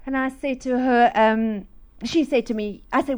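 Lady preaching a testimony, high voice, does all the voices, laughs a lot. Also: normal speed, hardly any pauses, darkish tone. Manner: storytelling, acting out voices, laughing. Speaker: speaker at a church. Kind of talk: testimony sermon.

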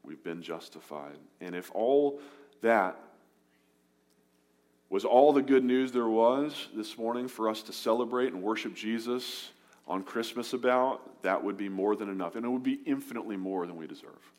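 A man preaching a sermon to his congregation, earnest, rising for emphasis and dropping soft and low on key words. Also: moderate pace. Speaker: pastor.

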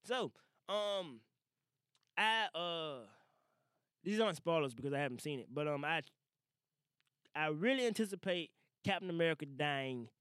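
A man's voice: fairly high pitch, lively intonation, normal speed, pauses often, a bit bright, smooth, dry recording. A young man hosting his own podcast in a small studio, talking loosely and animatedly with lots of slang and swearing. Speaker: podcast host. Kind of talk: casual podcast monologue.

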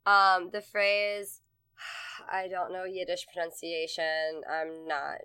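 A woman's voice: on the low side, steady tone, a little slow, bright, forceful tone, smooth. A young woman co-hosting a casual podcast chat, rambling and swearing freely with frequent laughs. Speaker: podcast co-host.

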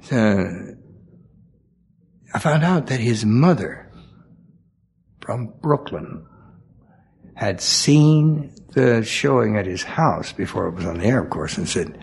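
An older man with a gravelly voice, a guest actor telling rambling showbiz stories in a casual interview and acting out the quotes. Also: fairly low pitch, lively intonation, slow pace, long pauses. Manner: rambling storyteller, acts out quotes.

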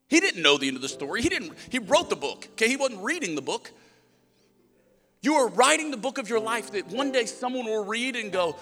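A man with a Southern US accent preaching a sermon, surging to loud emphatic peaks and dropping low for quoted asides. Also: big pitch swings, brisk, big-room sound. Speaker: pastor.

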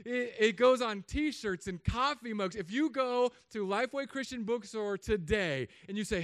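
A man in his thirties from Southern California, a pastor giving a humorous sermon with animated storytelling and put-on voices. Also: sits high, normal speed, hardly any pauses, clean tone, dry recording, clean studio sound.

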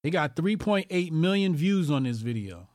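A man's voice: on the high side, very animated, moderate pace, darkish tone, dry recording, studio quality. A man hosting a call-in commentary show, talking casually and profanely, repeating phrases for emphasis.

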